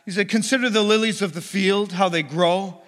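A pastor preaches a sermon in a slightly bright voice at a somewhat fast pace, telling stories and acting out the quoted voices with big jumps in pitch. The recording has long hall reverb.

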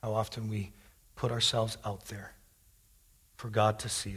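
A pastor preaching an earnest sermon, moving into prayer and a read-aloud poem. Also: male voice, fairly low pitch, level tone, a little slow, fairly bright tone, breathy edge. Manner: earnest, prayerful, building intensity.

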